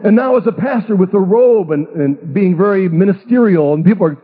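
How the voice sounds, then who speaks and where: Middle-aged pastor guy, joking at his own expense, husky voice, sounds like an old phone-line radio broadcast. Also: high voice, a little fast, hardly any pauses. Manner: humorous, self-mocking storyteller. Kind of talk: storytelling testimony talk.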